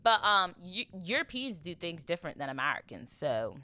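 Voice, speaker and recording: At a normal speed and with a somewhat low voice, a young woman from Florida runs her podcast as a playful chat monologue. She stays chatty and animated, performing voices as she goes.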